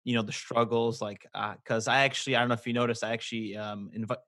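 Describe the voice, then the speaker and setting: A man's voice: medium pitch, flat delivery, fast talker, a bit bright, no echo, clean studio sound. A man hosting a podcast, asking casual questions with many restarts and "like"s. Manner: hesitant, restarts a lot, says "like". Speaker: podcast host.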